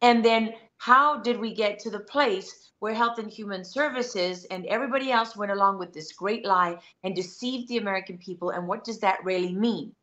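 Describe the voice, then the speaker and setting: A woman's voice: medium pitch, moderate pace, few pauses, fairly bright tone, lo-fi sound. A woman journalist giving interview answers, earnest and insistent as she builds her case step by step. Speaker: guest journalist.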